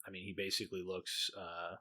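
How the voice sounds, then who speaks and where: A man's voice: low voice, flat delivery, fairly quick, bright, forceful tone. A man co-hosting a podcast, chatting casually about a book, laid-back and hesitant, often searching for words. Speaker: podcast co-host.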